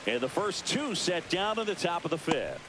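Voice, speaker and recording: A man voicing a brisk, upbeat play-by-play announcer in a baseball video game, with a polished broadcaster delivery. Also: sits high, sing-song, background noise. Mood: calling play.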